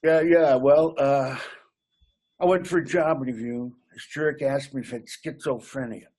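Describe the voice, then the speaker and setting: Husky-voiced comic guy from massachusetts, rambly and jokey, laughs at his own bits. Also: mid-range voice, fairly even intonation, moderate pace, darkish tone. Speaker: comedian guest. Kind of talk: casual interview chat.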